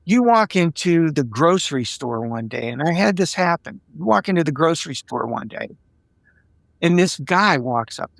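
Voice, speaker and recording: A man's voice: a little high, expressive, normal speed, gravelly, no echo. An older man, an executive coach, telling workplace stories in a conversational interview. He acts out bits of dialogue and often repeats words as he talks. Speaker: executive coach and podcast guest.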